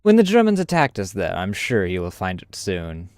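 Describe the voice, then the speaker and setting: A man's voice: low-pitched, wildly swooping pitch, moderate pace, darkish tone, no echo, studio quality, exaggerated voice. A man voicing a weary young French soldier reading his letter home aloud, with a faint put-on French inflection.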